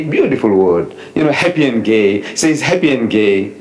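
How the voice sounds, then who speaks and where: Animated man in his seventies lecturing. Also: mid-range voice, poor audio. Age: 70s. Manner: animated and emphatic, with wry asides; recites Arabic verses quickly, then explains them. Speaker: Islamic lecturer. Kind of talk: public religious lecture.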